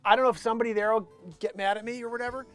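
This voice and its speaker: A man hosting a live stream, chatting and ranting in an excitable, profane way. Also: very high voice, rapid-fire. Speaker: live show host. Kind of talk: live stream chat and rant. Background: faint background music.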